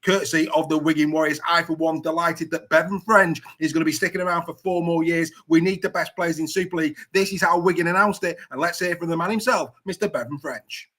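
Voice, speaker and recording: A man's voice: on the high side, fairly even intonation, fast, few pauses, a bit bright. A man hosting an upbeat rugby news update, plugging events to members. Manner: upbeat, salesy plugs. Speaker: host.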